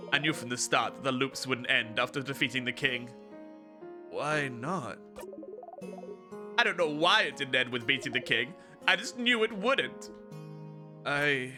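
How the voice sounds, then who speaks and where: A streamer doing a weary, shaken young hero. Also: close to an everyday voice. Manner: low, quiet and tired. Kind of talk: reading game dialogue aloud. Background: game music.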